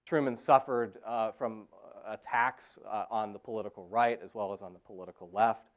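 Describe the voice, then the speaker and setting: A man giving a university history lecture, pausing often with "uh" fillers and restarting phrases. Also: lowish voice, steady tone. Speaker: history professor. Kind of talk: academic lecture.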